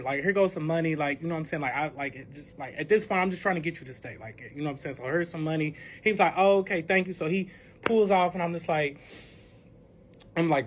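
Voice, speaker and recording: A young man with a high-pitched voice tells a personal story in a casual, rambling way. He swears constantly and leans on "like" as a filler. He drops to hushed recounting and then flares into heated outbursts. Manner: rambling, profane, full of "like" fillers.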